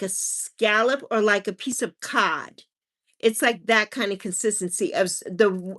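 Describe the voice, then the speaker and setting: A woman's voice: fairly high pitch, sharp tone. A woman hosting a livestream in casual chat, who reads viewer comments aloud and laughs often. She is a mother. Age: adult with a child. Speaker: livestream host.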